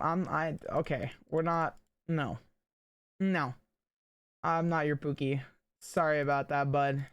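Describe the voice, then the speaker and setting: A woman's voice: low voice, no room sound, studio quality. A woman livestreaming, chatting casually with her viewers in a blunt, rambling way and swearing often. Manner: blunt, swears a lot, rambles and talks to chat.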